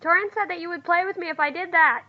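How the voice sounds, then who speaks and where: A woman voicing a playful little girl who pesters the grown-ups, in an excited, childish way. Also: very high-pitched, fast talker, phone-quality sound, voice pushed up. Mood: pleading.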